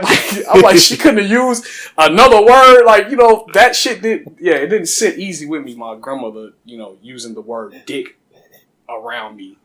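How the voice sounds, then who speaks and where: A man telling funny stories as a guest on a casual talk show, animated and laughing often. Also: sits high, normal speed. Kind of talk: casual podcast storytelling.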